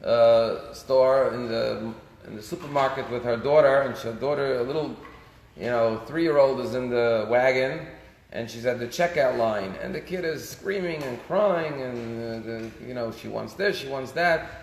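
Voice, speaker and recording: A rabbi giving a casual daily sermon, telling stories and using Hebrew phrases. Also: male voice, medium pitch, normal speed. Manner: conversational storytelling, Hebrew phrases. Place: synagogue sanctuary. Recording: echoey synagogue hall.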